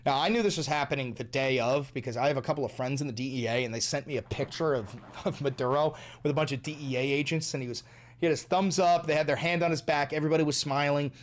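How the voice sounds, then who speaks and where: A man rants through political commentary, heated and sarcastic, with plenty of swearing. His voice sits a little higher than most men's and rises sharply when he gets worked up. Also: fairly even intonation, fast.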